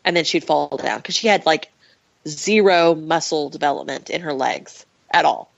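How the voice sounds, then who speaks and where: A woman with a lower-pitched voice tells a personal story as a podcast guest. She is animated and emotional and laughs often as she goes. The sound is dry and close, with a slightly dull, muffled tone. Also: moderate pace, creaky, no echo.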